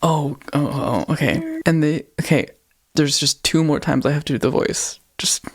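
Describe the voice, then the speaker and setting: A podcast co-host rambles through a retelling of a ghost video, often stopping to correct himself and giggling. His voice is a little high with a breathy edge, and he talks at a normal speed.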